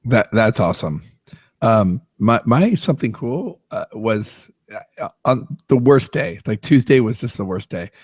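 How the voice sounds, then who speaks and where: A man's voice: mid-range voice, lively intonation, measured pace, darkish tone, slightly rough, no room sound. A man hosting a podcast, telling a story casually with frequent laughs and self-deprecating asides. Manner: self-deprecating, laughs often, many restarts. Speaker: podcast host.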